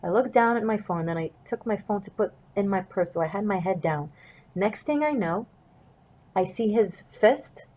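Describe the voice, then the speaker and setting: Woman, tarot reader, lower pitch; earnest, wandering storyteller speaking to camera. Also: mellow, slightly rough, poor audio.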